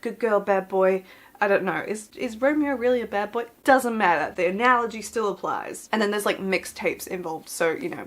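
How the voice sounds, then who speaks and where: Young aussie woman gushing about her reading list, chatty, lots of "like" and "um", keeps correcting herself. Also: mid-range voice. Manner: chatty and excitable, with frequent fillers and self-corrections. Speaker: book vlogger. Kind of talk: casual book chat to camera.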